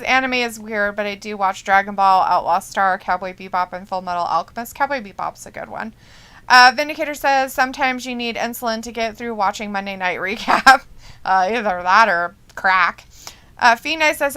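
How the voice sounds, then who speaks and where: A woman with a high, bright and crisp voice co-hosts a live watch-along stream. She reads viewer comments aloud in quick bursts and keeps breaking into giggles. Her talk is relaxed and chatty. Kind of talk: casual chat, reading out viewer comments.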